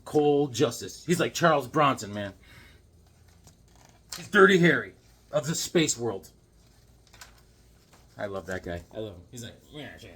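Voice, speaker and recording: A man's voice: medium pitch, expressive, unhurried, long pauses, fairly bright tone, husky. A man chatting casually in a comic haul vlog, laid-back and full of slang. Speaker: comic book collector.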